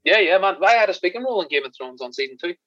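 An Irish man, a podcast guest, telling animated stories in casual chat, swearing and laughing as he goes. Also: high-pitched, racing, no room sound, dull audio. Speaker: podcast guest, special effects crew member.

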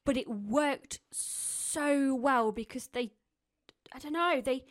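A woman with a high, light voice co-hosts a podcast in relaxed conversation. She chimes in often, agreeing and backing up her partner. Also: takes it slowly. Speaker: podcast co-host. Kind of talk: casual chat.

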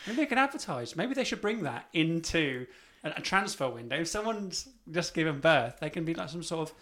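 A man co-hosting a casual football podcast, joking and animated, slipping into mimicked voices. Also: a little high, a little fast. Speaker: podcast co-host. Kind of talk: casual banter.

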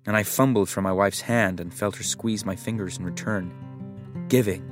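Low-voiced man reading a story. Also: fairly even intonation, moderate pace, music in the background. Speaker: story narrator. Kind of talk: audiobook narration of a short story.

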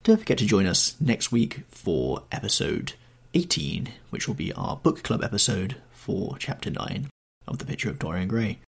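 A male podcast host narrates a classic novel in a measured, expressive way. His low voice is gravelly and husky, and his pitch moves widely through each sentence.

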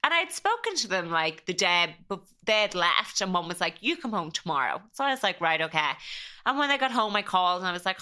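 A woman's voice: lowish voice, sing-song, a little fast, sharp tone, clean tone. A young woman, a podcast guest, telling a personal story in a chatty way, often quoting herself and her family.

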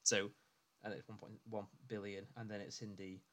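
A man's voice: fairly low pitch, little pitch movement, moderate pace, fairly bright tone. A young man on a podcast reading out facts and asking curious questions in a casual chat. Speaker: podcast co-host.

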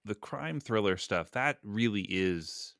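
A man hosting a podcast interview, asking halting questions full of restarts and giving frequent affirmations. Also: fairly low pitch, expressive, vocal fry, a bit bright, no room sound, studio quality. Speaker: podcast host. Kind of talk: casual interview.

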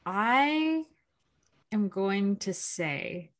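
A woman's voice: medium pitch, expressive, drawn-out words. A woman on a casual sports podcast panel, hesitant and thinking aloud as she gives her pick.

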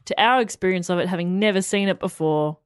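A woman co-hosting a casual podcast, playful and quick with jokes. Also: lowish voice, smooth, dry recording, studio quality. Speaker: podcast co-host. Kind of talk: casual chat.

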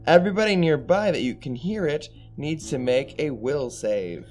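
A man running a tabletop game as games master, narrating in a casual, animated way. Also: on the high side, moderate pace, soft background music.

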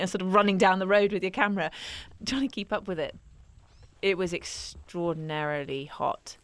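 Lively woman telling a story. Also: normal speed, clean tone, no room sound. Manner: animated, acts out quotes in a higher voice. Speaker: wildlife filmmaker interviewee. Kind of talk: conversational storytelling.

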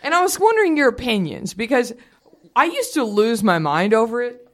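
A woman in her thirties hosting a podcast, with casual, profane, quick-fire storytelling. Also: fairly high pitch, sing-song. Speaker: podcast host. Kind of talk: casual chat.

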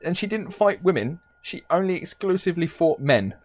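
A man's voice: high-pitched, expressive, fairly quick, dry recording. A man co-hosting a podcast, telling a true crime story in a casual, joking way and laughing often. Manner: chatty, laughs often, jokey.

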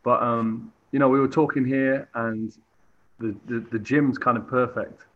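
A man's voice: medium pitch, fairly even intonation, unhurried. Hesitant man on dull lo-fi audio. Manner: hesitant, lots of fillers and restarts. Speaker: guest, football goalkeeper. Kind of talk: relaxed sports interview.

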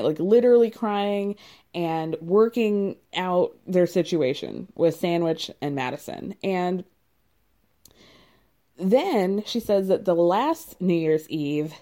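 A woman's voice: lowish voice, dark tone. A woman hosting a podcast, chatting casually through a reality show recap, laughing often and saying "like" a lot.

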